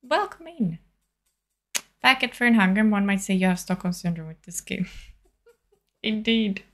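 A woman's voice: mid-range voice, moderate pace. A woman live-streaming a video game, thinking aloud and answering her chat.

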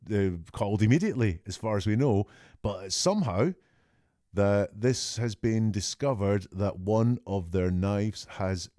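A man giving a measured, deliberate analysis of an emergency call, slowing down to stress key words. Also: lowish voice, dark tone, no echo, studio quality. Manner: measured, deliberate, often slows for emphasis. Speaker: statement analysis commentator. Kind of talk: analytical commentary on a recorded call.

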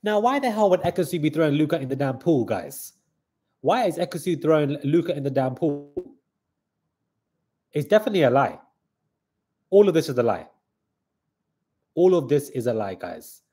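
A young man hosting a live reaction stream, excitable and hyped, calling out "guys" often, with a slightly stuffy nose. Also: fairly high pitch, normal speed, pauses often, husky. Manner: excitable hype talk, keeps saying "guys".

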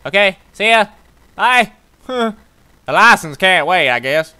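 A man's voice: high-pitched, animated, slow, pushed and bright, clear, resonant tone. A young man playing a horror game and joking his way through it, reading the dialogue aloud and swearing. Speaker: gaming YouTuber. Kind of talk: let's play commentary.

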